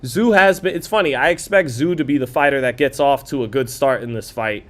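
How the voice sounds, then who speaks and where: A man's voice: mid-range voice, a bit bright. Chatty male live boxing commentator. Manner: casual, chatty, reads viewer comments aloud; quick play-by-play calling of punches. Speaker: boxing commentator and stream host. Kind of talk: live round-by-round fight commentary.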